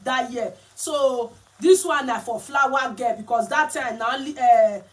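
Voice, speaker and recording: A woman's voice: sits high, unhurried. A woman with a Nigerian accent chatting casually as a vlogger while explaining and showing clothes. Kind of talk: casual chat.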